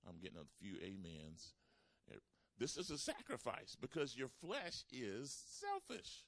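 A man's voice: medium pitch, wildly swooping pitch, unhurried, fairly bright tone, dry recording. A man preaching a sermon. He calls for responses from the congregation and repeats phrases for emphasis. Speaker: pastor.

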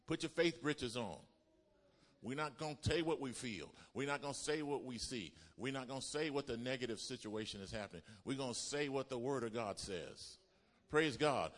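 A man preaching a sermon as pastor, swinging between loud exhortation and low, quiet passages. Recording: long hall reverb.

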